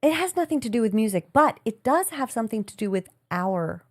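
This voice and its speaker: A woman co-hosts a podcast in loose, casual chat. Her pitch swings up and down as she jokes at her own expense and rambles a bit. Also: sing-song, a little fast. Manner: playful, self-mocking, rambling. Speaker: podcast co-host.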